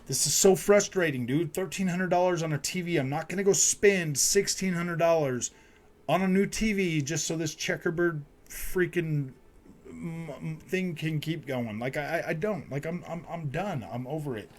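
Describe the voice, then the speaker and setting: Speaking at a moderate pace in a higher-pitched voice, a man who runs a gaming and tech channel vents his frustration to viewers. The rant is casual and repetitive, peppered with "man" and "dude."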